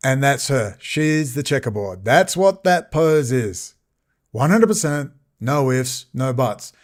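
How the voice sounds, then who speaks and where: A man's voice: medium pitch, a little mellow. A man ranting sarcastically in a rambling video commentary.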